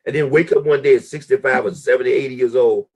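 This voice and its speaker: Husky man with emphatic motivational delivery. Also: fairly even intonation, fast, a little mellow. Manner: emphatic preacher-like delivery with big pitch swings. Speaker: guest speaker. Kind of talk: motivational talk. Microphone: live stream call audio.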